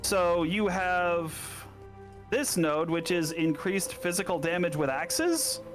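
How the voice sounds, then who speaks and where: A man's voice: high-pitched, animated, takes it slowly, soft background music. A man patiently explaining a game on a stream, stumbling over hard names with a laugh. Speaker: game coach.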